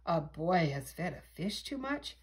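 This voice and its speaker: A woman voicing urgent male firemen who shout orders in a storybook read-aloud. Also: mid-range voice, big pitch swings, takes it slowly, breathy edge, heavily acted.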